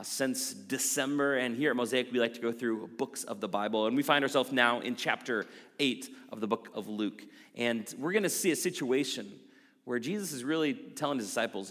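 A man's voice: mid-range voice, fairly bright tone, big-room sound. A man preaching a sermon as pastor, earnest and conversational, stressing quoted scripture.

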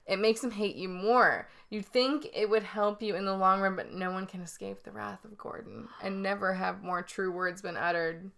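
A woman's voice: mid-range voice, fairly even intonation, moderate pace, vocal fry, hardly any pauses, fairly bright tone. Woman, podcast co-host, casual chat, giggly, playful reading. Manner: giggly, reads quiz lines aloud with playful emphasis.

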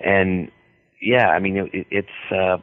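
A man being interviewed as an author, talking in a rambling, hesitant way with many pauses. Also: deep voice, fairly even intonation, no room sound. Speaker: author guest. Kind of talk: radio interview by phone. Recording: tinny phone line.

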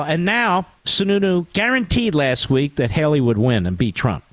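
A man's voice: on the high side, measured pace, pauses often, dry recording. Sarcastic talk radio host, a man. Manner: sarcastic, animated, asides to his producer. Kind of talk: opinionated political talk radio monologue.

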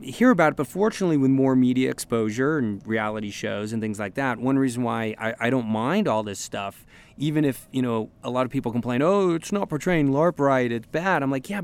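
A man from the United States talks in a loose, rambling podcast chat and keeps restarting his sentences. His voice is smooth and clear at a middle pitch. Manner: rambling, many restarts and fillers. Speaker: podcast guest, larper.

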